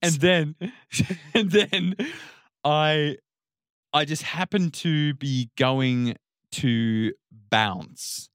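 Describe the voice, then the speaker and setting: A man, co-hosting a casual podcast chat and telling lively stories while acting out the voices of people in them. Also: on the high side, very slow, clear, resonant tone, dry recording, clean studio sound. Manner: animated storyteller, acts out quotes. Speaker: podcast co-host.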